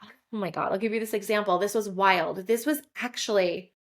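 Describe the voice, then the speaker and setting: A woman's voice: mid-range voice, moderate pace. A woman, hosting a solo podcast and telling a personal story candidly and emotionally, full of casual fillers. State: close to tears at times. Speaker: podcast host.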